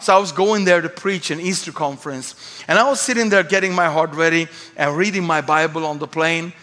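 A Swedish-accented male pastor tells a lively, self-mocking story from the pulpit. His voice sits high and bright. The sound carries the long reverb of a large church hall. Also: fairly quick. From Sweden. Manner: animated, self-mocking humor, acts out voices. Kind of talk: storytelling sermon.

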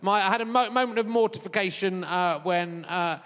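Here the live podcast host, a man in his fifties, talks at normal speed with a high-pitched, fairly bright tone. Rambling and self-mocking, he leans on plenty of fillers as the theatre hall adds a long reverb.

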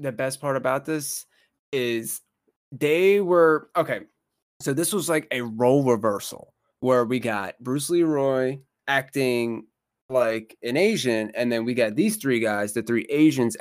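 A mid-pitched man chatting on a podcast, retelling scenes loosely with lots of fillers and quick laughs. His voice sits close and dry with no room sound. The talk is relaxed and conversational. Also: no room sound. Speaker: podcast co-host. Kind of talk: casual movie-review chat.

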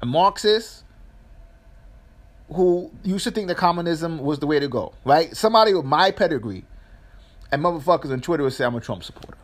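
A man's voice: fairly high pitch, animated, fairly quick, long pauses. A middle-aged man giving a blunt, profane political commentary monologue, full of rhetorical questions.

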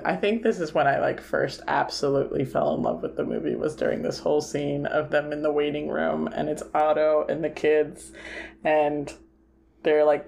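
A woman's voice: low-pitched, creaky, darkish tone. A woman co-hosting a podcast, chatting casually about a film and retelling its scenes with lots of "like" fillers. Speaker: podcast co-host.

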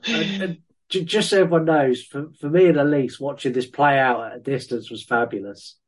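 A man's voice: a little high, a little fast. A man co-hosting a podcast in casual chat, teasing his partner and plugging the show. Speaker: podcast co-host.

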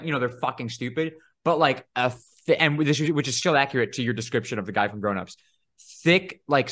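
Podcast co-host, male, bright tense tone, lively cursing storyteller. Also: medium pitch. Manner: animated storytelling, swears freely, laughs often. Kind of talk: casual chat.

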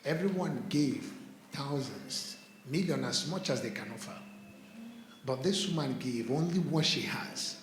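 A man giving an impassioned sermon-style talk at church, building from measured speech to loud, fervent passages. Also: mid-range voice, animated, a little hiss or hum. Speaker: church speaker. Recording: echoey room.

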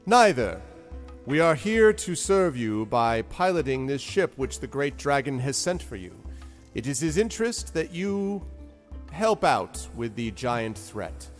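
A man voicing a masked cultist envoy in a fantasy game, speaking slowly and formally. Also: mid-range voice, big pitch swings, big-room sound, faint music behind, pitched above the performer's own voice. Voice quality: slow, formal, declamatory.

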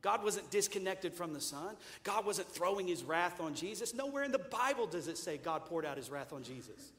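A man preaching a sermon emphatically, firing rhetorical questions and rising to shouts. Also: high-pitched, lively intonation, moderate pace, big-room sound.

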